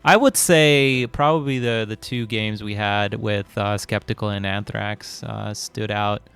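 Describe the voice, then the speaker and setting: A man hosting a live esports cast in a relaxed, chatty way, laughing easily with his co-casters. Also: on the low side, measured pace, gravelly, clear, resonant tone, faint music behind. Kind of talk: casual live-stream casting chat.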